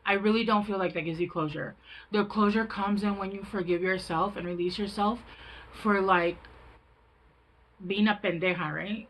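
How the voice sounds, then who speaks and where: A woman's voice: mid-range voice, steady tone, normal speed, fairly bright tone, poor audio. A woman giving a casual, rambling tarot reading, frank and chatty, often stopping to restart her sentences. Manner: rambling, chatty, self-interrupting. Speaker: tarot reader.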